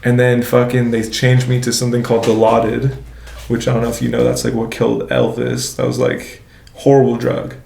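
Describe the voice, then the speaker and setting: A young man talks in a loose, slangy way, cursing freely and packing his sentences with "like". His voice sits in a middle register with a flat melody and a gravelly edge. The room around him has a noticeable echo. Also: medium pitch, brisk. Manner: slangy, swears often, fills speech with "like". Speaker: guest. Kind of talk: casual storytelling. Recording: echoey room.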